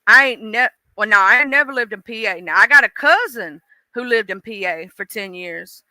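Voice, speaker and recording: A woman's voice: a little high, animated, normal speed, sharp tone, no room sound. A woman with a mixed Southern accent, chatting casually on a live stream and talking straight to her viewers in a folksy way.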